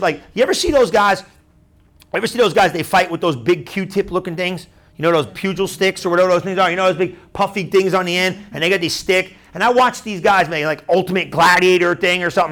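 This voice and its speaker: A man pastor preaching a sermon through a story, chatty and animated, often asking the crowd "right?". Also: high-pitched.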